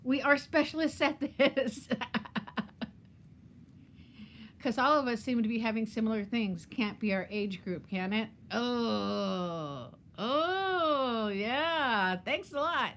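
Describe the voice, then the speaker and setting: Woman, 50s, casual live-stream host, chatty, laughs a lot, slightly high voice. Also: slow, a bit bright, a little hiss or hum. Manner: chatty and laughing, greets viewers by name. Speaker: vlogger hosting a live chat.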